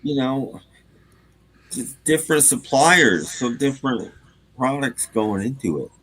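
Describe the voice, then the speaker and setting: A man's voice: mid-range voice, lively intonation, a little slow, fairly bright tone, slightly rough, low-quality recording. A man in a casual live stream chat giving hesitant explanations that trail off.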